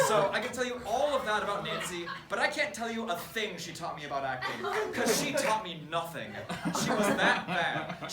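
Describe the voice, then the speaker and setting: A young man doing stand-up storytelling on stage, animated and self-mocking. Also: high voice. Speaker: stand-up comedian. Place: comedy stage before an audience. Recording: roomy stage, far mic, loud laughter. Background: audience laughter.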